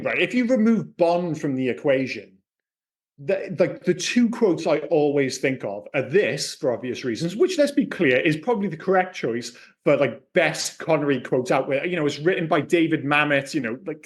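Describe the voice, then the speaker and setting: A man co-hosting a casual film podcast, talking in an animated, opinionated way and swearing freely. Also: a little high. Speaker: podcast co-host.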